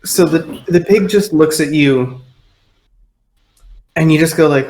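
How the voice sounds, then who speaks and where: A man's voice: a little high, unhurried, long pauses, a little mellow, low-quality recording. A man running a tabletop game as game master, narrating loosely with lots of "like" and "sort of".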